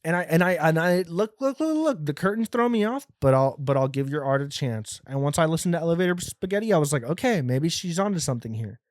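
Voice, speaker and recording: A young American man hosting a comedy podcast, rambling through a profane, animated monologue full of restarts. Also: on the high side, fast talker, few pauses, no echo, clean studio sound. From United States. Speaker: podcast host.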